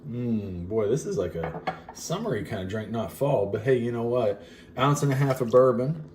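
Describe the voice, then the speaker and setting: A man's voice: medium pitch, lively intonation, moderate pace, darkish tone, slight background noise. A man co-hosting a show, chatting casually with rambling asides while he mixes a cocktail at home in a farmhouse. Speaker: co-host making a cocktail. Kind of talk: casual chat, cocktail demo.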